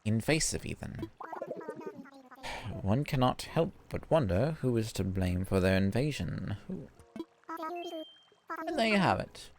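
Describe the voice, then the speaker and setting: A woman's voice: rumbling low, very animated, a little slow, long pauses, darkish tone, a little hiss or hum, exaggerated voice. A woman voicing a fussy, pompous male owl museum curator in a formal, grand manner while playing a video game. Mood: lecturing.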